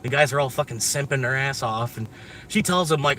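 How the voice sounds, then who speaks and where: American guy vlogging from his car, loose and foul-mouthed, mid-pitched voice, faint road noise behind. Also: brisk, sharp tone. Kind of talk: casual rambling chat. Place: inside a moving vehicle.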